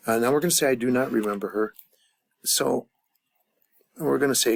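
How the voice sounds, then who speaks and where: A man's voice: medium pitch, moderate pace, long pauses. A man teaching a grammar lesson at a chart, thinking aloud with many fillers and restarts. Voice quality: gravelly. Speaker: language teacher.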